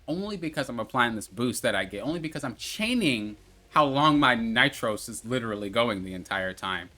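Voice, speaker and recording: A young man narrates his own gameplay as a tutorial, coaching the viewer step by step and circling back to repeat himself. His voice is bright and forceful, with a middling pitch and an easy, chatty manner. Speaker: gaming channel host.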